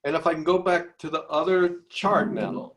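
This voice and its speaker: A man's voice: fairly high pitch, fairly even intonation, moderate pace, a bit bright. A man leading a seminar discussion, questioning students and coaxing them to restate ideas in their own words. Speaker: seminar tutor.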